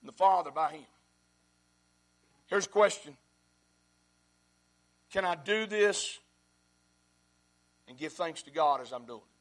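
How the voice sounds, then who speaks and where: Pastor, man, high voice; sermon delivery that repeats lines and swings from loud to hushed. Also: animated, slow pace, long pauses.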